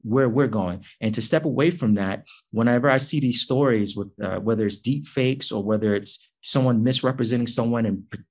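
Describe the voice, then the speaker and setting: A man's voice: medium pitch, fairly quick, hardly any pauses, darkish tone. Hesitant musing male podcast host. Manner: musing, hesitant with many fillers. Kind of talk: casual tech chat.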